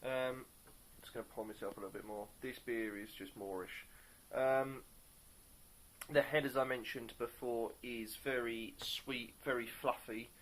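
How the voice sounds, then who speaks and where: A man talks through a beer he is tasting in a relaxed home-video review. His voice sits at an ordinary mid pitch, and he is eager yet hesitant, often stopping to search for words. A faint background hum runs under the recording. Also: measured pace. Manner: upbeat and enthusiastic.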